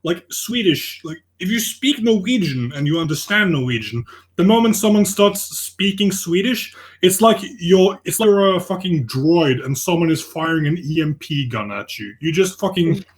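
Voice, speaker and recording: Male podcast co-host, jokey and profane, pitch a little high. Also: animated, normal speed. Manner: joking, profane, puts on silly voices. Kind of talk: casual gaming chat.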